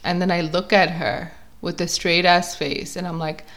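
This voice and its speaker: A young woman vlogger telling a casual story, chatty and animated, filling her talk with "like" and acting out what people said. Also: lowish voice, moderate pace. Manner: chatty, filler-heavy with constant "like"; animated, acts out quotes.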